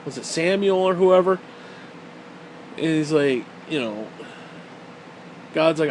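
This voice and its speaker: A man's voice: a little high, moderate pace, long pauses, a little mellow, a little hiss or hum. A man talking in a casual, rambling rant, profane and sarcastic.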